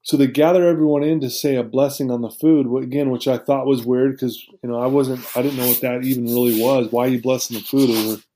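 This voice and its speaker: A man's voice: medium pitch, steady tone, quick pace, few pauses, mellow. A middle-aged man telling his life story to an interviewer, earnest and emotional, with many restarts. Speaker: guest.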